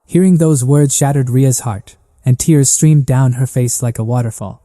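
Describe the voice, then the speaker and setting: A man narrating a story recap in a steady, even reading. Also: medium pitch, moderate pace, hardly any pauses, big-room sound.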